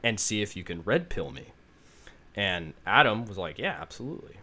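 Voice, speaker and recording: A man's voice: sits low, animated, normal speed, sharp tone. A man hosting a podcast, rambling in casual chat with lots of fillers and swearing. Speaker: podcast host.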